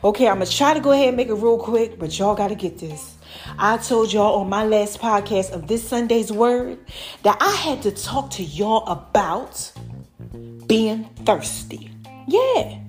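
A woman's voice: medium pitch, normal speed, faint music behind. A woman from the United States hosting her own podcast, talking casually and animatedly to her listeners. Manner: chatty and animated, addresses listeners as y'all. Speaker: podcast host. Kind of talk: casual solo podcast talk.

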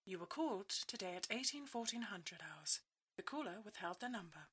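A woman voicing an automated phone service, announcing messages in a flat, measured way. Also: mid-range voice, slightly rough. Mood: neutral. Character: automated female answerphone voice.

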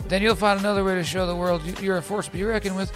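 A man's voice: high voice, fairly even intonation, rapid-fire, a bit bright, faint music behind, pitched above the performer's own voice. A man voicing an earnest young suitor in a put-on Southern accent, playfully reenacting a scene.

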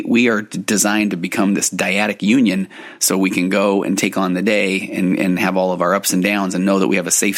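A man, a couples therapist and podcast host, explaining things earnestly and acting out what partners might say to each other. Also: sits low. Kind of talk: casual podcast talk.

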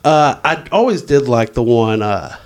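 A man's voice: medium pitch, lively intonation, measured pace. A man co-hosting a casual podcast chat, rambling and laughing often. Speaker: podcast co-host.

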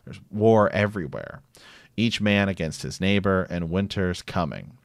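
A man reading aloud the lines of a dying old maester, slow and faint. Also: low-pitched, animated, creaky, dry recording. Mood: weak, dying. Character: dying old male maester, weary and gentle.

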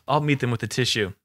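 A man hosting a casual interview in a relaxed way. He jokes lightly with his guest, then brings the talk back to his list of questions. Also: mid-range voice. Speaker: podcast host.

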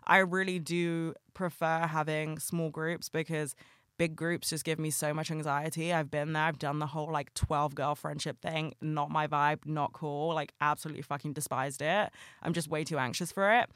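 A woman's voice: deep voice, level tone, normal speed, a bit bright, no room sound, studio quality. A woman hosting a solo podcast, talking candidly and emotionally, swearing often. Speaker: podcast host.

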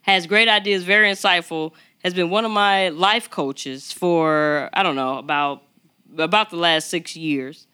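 A podcast host in casual chat who gives theatrical, animated introductions. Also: medium pitch, a little slow, smooth.

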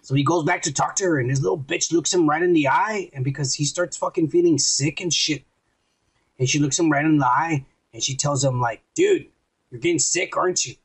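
Talking a little fast in a slightly rough, a little high voice, a male podcast host gives a loose recap of a TV episode. He rambles, swears, and acts out many quotes along the way.

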